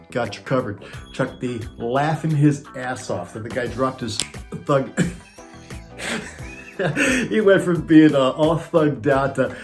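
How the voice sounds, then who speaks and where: Male storyteller, mid-pitch, laughs a lot, curses, faint music under him. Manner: laughs often, profane, animated retelling. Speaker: former monitor technician telling road stories. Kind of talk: casual storytelling.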